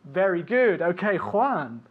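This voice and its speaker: A man teaching an English lesson on the radio, saying words slowly and clearly and having his student repeat them. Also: sits high, sing-song, narrow, tinny audio. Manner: slow, clear teacher drilling words for repetition.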